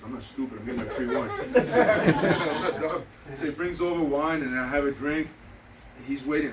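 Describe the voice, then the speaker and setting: A man's voice: on the high side, fast, noisy background. A man giving a motivational seminar talk to trainees, emphatic and repetitive, telling stories with quoted dialogue. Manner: emphatic, repeats key points. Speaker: speaker training insurance agents. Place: meeting room with live audience. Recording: echoey room, mic from a distance.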